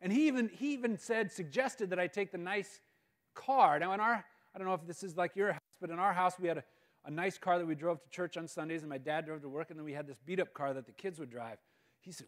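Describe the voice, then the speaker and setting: A man giving a guest talk at a school, telling a funny personal story in an animated, self-mocking way. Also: high voice, a little fast. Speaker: guest speaker. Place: school auditorium. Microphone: live-stream mic.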